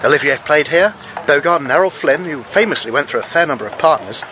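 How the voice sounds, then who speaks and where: An actor playing a wry, dry cricket commentator. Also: male voice, on the high side, animated, quick pace, close to an everyday voice. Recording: street noise behind.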